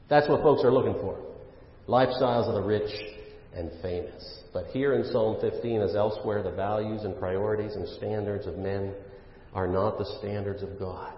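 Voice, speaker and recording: A man preaching a sermon in a relaxed, conversational way, with fillers and asides, rising for emphasis on key phrases. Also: fairly low pitch, moderate pace. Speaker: pastor. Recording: roomy hall reverb, dull lo-fi sound.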